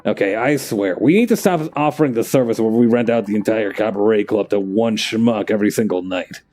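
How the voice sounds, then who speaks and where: A man's voice: on the low side, fairly quick, a little mellow, faint music behind, natural voice. A man voicing a brash, sarcastic male gangster who runs a club, for a fan dub of a game. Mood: gruff. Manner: blunt, sarcastic. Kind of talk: fan voice-over of game dialogue.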